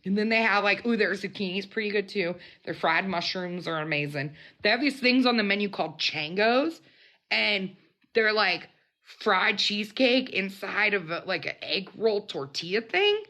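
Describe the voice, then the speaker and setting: A woman's voice: mid-range voice, moderate pace, pushed and bright. A woman hosting a casual mukbang livestream, chatting in a bubbly way and greeting her viewers. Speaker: livestream host.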